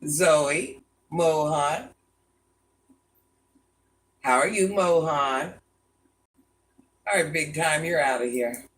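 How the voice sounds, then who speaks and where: Blunt, gravelly older woman vlogger. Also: drawn-out words, long pauses. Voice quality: deep, gravelly voice. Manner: blunt, chatty, calls viewers baby and hon. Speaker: vlogger reading live chat. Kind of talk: casual live-stream chat. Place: home room at a house.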